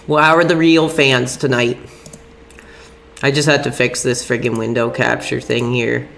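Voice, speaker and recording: A man's voice: mid-range voice, little pitch movement, normal speed, gravelly, fairly bright tone, slight background noise. A young man live-streaming from home, rambling casually and agitatedly, with frequent "dude" and minced swears. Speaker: livestreamer. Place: at home, upstairs room.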